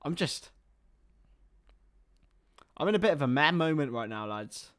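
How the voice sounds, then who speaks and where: A young man hosting a live football watchalong, mixing play-by-play commentary with rambling chatty asides and getting excited on chances. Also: on the high side, a little slow.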